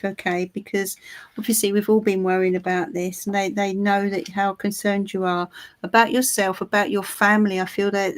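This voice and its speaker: A woman gives a live psychic reading, her voice sitting at a plain middle pitch. She soothes and reassures, calling the listener her love. She pauses often, trailing off into ums and starting phrases over. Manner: halting, with many ums and restarts. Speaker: tarot reader.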